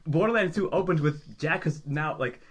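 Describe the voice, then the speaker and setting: A man co-hosting a casual podcast, rambling quickly with lots of fillers and acting out quotes. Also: on the high side. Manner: fast, rambling, acts out quotes in animated voices. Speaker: podcast co-host. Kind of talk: casual chat.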